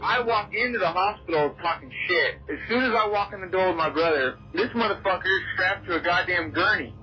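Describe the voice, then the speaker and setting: A man's voice: high-pitched, brisk, lo-fi sound. A man, a fighter, telling his side of a brawl in a candid interview, brash and boastful. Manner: brash, boastful trash talk. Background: background music.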